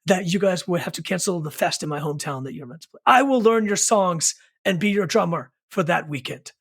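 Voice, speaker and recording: A man voicing a brisk, businesslike Austrian drummer with a put-on Austrian accent and a flat, matter-of-fact delivery. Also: high-pitched, slightly rough, heavily acted.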